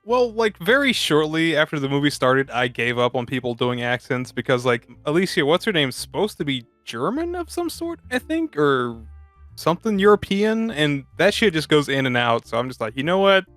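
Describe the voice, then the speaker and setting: Brief: male podcast co-host, pitched a bit high, crude joker, dry close sound. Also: sing-song, moderate pace, fairly bright tone, no room sound, faint music behind. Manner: crude, joking, laughs often. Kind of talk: casual movie recap chat.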